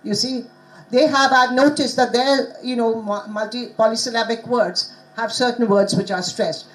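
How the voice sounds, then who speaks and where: A woman giving an interactive pronunciation lesson at a conference, coaxing the audience with quick prompts. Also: on the high side, steady tone, low-quality recording. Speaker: conference speaker teaching pronunciation. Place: conference hall.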